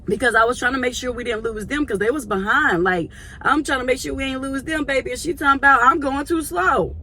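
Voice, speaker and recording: A woman and church volunteer telling a casual story to her viewers in a chatty, animated way. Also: sits high, fast.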